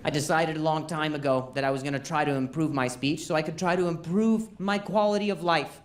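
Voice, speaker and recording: A man's voice: on the high side, brisk, roomy sound. A man with a stutter performing a self-deprecating stand-up comedy set on a club stage. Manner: self-deprecating, wry storytelling with comic outbursts.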